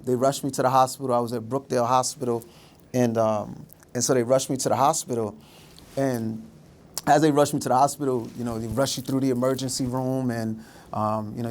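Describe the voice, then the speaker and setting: Middle-aged guy telling his story on stage, acts out the voices, medium pitch. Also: a little hiss or hum. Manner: vivid storyteller acting out voices. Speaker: speaker. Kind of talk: storytelling talk.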